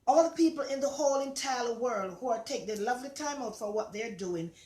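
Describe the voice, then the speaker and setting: A woman's voice: a little high, lively intonation, a little fast, darkish tone. An older woman with a Jamaican accent, hosting a casual home cooking vlog in a chatty, rambling, affectionate way. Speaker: cooking show host. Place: home kitchen. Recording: echoey kitchen.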